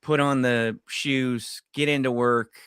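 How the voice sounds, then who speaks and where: Man, middle-aged, podcast co-host, casual storytelling, swears, crisp dry studio sound. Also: mid-range voice, slow pace, no room sound. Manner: animated storytelling, swears freely. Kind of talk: casual chat.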